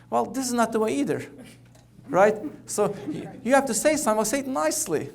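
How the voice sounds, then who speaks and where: Halting, conversational male oncologist speaking. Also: very high-pitched, animated, creaky. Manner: conversational, halting, repeats words. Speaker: oncologist giving a keynote. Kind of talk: conference keynote speech.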